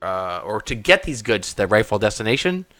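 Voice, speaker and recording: Lively, bright-voiced male game master. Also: fairly low pitch, brisk, no room sound. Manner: lively narration with frequent ums and uhs. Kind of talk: narrating a tabletop game.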